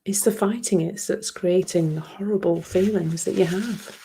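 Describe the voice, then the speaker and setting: A woman hosting a reflective solo podcast in a soft, emotional way, often laughing and dropping into whispers. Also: on the low side, steady tone, normal speed, vocal fry, a little hiss or hum. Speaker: podcast host.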